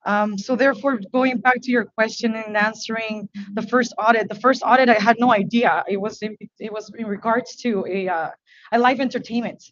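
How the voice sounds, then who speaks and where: Woman speaking english as a second language, halting and earnest, fairly high voice, dull dry sound. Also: fairly even intonation, fairly bright tone, no echo. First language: not English. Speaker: business owner before a licensing board. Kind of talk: testimony at a public hearing. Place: hearing room.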